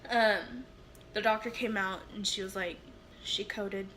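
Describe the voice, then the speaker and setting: A young woman vlogger telling a personal story in a halting, emotional way, with many fillers and restarts. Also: medium pitch, fairly even intonation, a bit bright, slight background noise.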